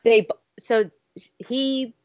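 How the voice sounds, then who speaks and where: This podcast co-host has a voice on the high side and talks at a slow pace over lo-fi sound. Chatting casually, she recaps an episode of a show and animatedly performs the quoted lines.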